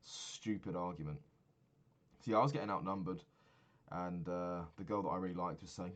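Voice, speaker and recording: A man's voice: deep voice, moderate pace, lo-fi sound. A man in his twenties recapping a trip in a rambling, sweary, casual monologue, often laughing at his own stories. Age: 20s. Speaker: vlogger.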